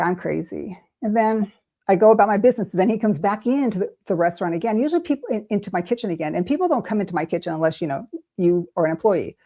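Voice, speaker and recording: An older woman recounts a personal experience as an interview guest, her voice low and mellow. She talks animatedly and slips into the voices of the people she quotes. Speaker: intuitive reader, interview guest. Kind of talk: storytelling in an interview.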